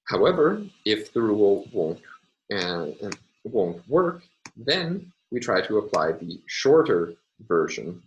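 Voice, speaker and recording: A man giving a recorded university phonology lecture, explaining step by step with frequent "uh" and "um" pauses. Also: lowish voice, big pitch swings, dull audio, slight background noise.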